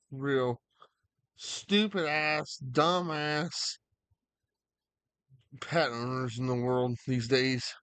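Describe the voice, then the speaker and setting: A man's voice: fairly high pitch, a bit bright, smooth, dry recording. A man casually chatting on a live stream at home, rambling to his viewers and his dog beside him.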